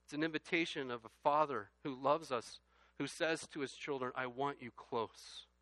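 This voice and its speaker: A man preaching a sermon, reading scripture aloud and rising from quiet reflection to loud, emphatic passages. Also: mid-range voice, moderate pace, no echo. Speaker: pastor.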